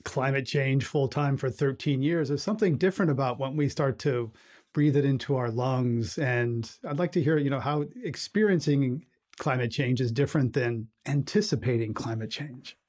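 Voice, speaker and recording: A man hosting an interview show, asking questions in a measured, thoughtful way. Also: mid-range voice, a little mellow. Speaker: host. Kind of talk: radio interview.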